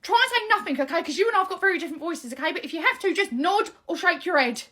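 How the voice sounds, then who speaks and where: Woman doing a brisk, commanding woman with a high, lively voice. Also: full character voice. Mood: bossy. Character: bossy, no-nonsense woman taking charge. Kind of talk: comedy sketch character voice.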